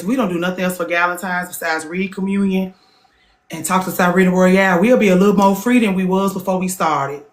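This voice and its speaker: A woman hosts a casual livestream chat, speaking bluntly and animatedly. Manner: blunt and animated, jumps into higher voices for emphasis. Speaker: podcast host.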